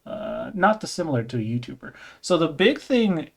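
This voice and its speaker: A man's voice: on the high side, big pitch swings, moderate pace. A man co-hosting a casual podcast, rambling and correcting himself, laughing often and swearing casually. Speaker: podcast co-host. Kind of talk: casual gaming podcast chat.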